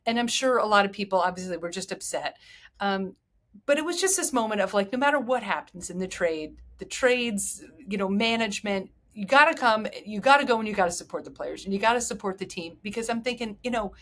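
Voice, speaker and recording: A woman's voice: mid-range voice, lively intonation, a little fast, a bit bright. Chatty woman podcast host. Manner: chatty, candid, rambling. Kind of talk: casual chat.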